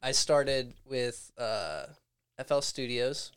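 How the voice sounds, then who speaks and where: Relaxed young man with smooth voice. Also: mid-range voice, slow, no room sound, clean studio sound. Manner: relaxed, hesitant with many ums. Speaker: podcast guest, rapper. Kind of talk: casual interview chat.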